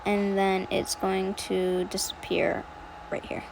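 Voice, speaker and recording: A woman's voice: medium pitch, completely flat delivery, slow pace, gravelly, background noise. A young woman, chatty and self-deprecating, narrating an editing tutorial over her screen. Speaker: video editing tutorial creator.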